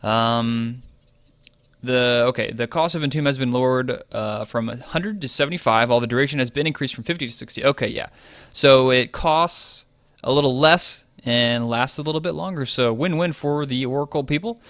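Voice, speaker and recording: A man's voice: medium pitch, moderate pace, fairly bright tone, dry recording, clean studio sound. A man hosting a game video, chatting casually about balance changes and thinking aloud with plenty of fillers. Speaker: gaming video host.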